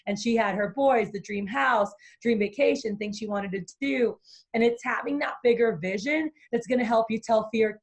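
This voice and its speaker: Energetic woman coaching entrepreneurs. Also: on the high side, a little fast. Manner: animated, acts out inner voices. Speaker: business coach and guest. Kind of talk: energetic interview talk.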